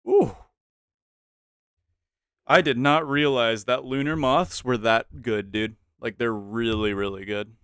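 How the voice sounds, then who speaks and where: The recording is dry with clean studio sound, capturing a young man's fairly low, slightly bright voice. He casually commentates a survival game, being playful and jokey, chatting with the in-game characters and doing pirate voices for laughs.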